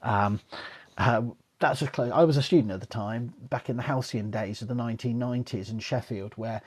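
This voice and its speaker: A man's voice: medium pitch, a little fast, breathy edge. A middle-aged man, an archaeologist, hosting a casual live Q&A, rambling and swearing with lots of asides. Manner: rambling, sweary, chatty, many asides and "you know"s. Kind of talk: casual live-stream Q&A chat.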